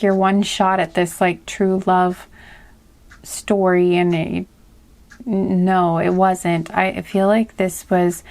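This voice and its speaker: A woman giving a casual spoken tarot reading, soft and hesitant, with many fillers and restarts. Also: fairly low pitch. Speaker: tarot reader.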